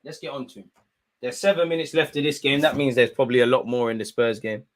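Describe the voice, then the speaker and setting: Talking fast in a mid-range voice with no room sound, a London man in his twenties hosts a live football watchalong. He fills it with match commentary, banter, and animated, slang-heavy stories.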